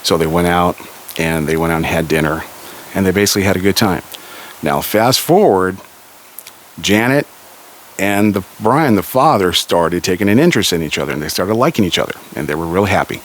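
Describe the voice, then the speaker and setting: A man from Southern California telling a family story in a casual spoken way, lively and raising his voice for the people he quotes. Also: brisk. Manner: animated, raises pitch for quoted characters.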